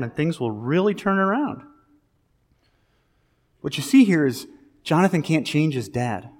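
Man preaching in a reverberant hall. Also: medium pitch. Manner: conversational, animated preaching with rising emphasis. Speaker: pastor. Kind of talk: sermon. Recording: long reverb of a large hall.

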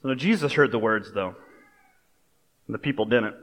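A man preaching a sermon as a pastor, in a relaxed, conversational way with personal stories and asides. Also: lowish voice, unhurried. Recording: long reverb of a large hall.

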